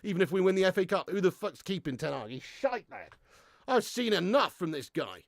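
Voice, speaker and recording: A young man hosting a live football watch-along, excitable and sweary, ranting and chatting with his viewers. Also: sits high, a little fast, no room sound, clean studio sound. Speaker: host of a fan watch-along stream.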